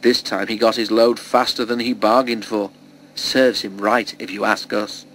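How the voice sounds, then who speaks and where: A man's voice: fairly low pitch, fairly even intonation, normal speed, a bit bright, a little hiss or hum, rough recording. A man voicing a cross, gossipy group of freight trucks who snap and snigger.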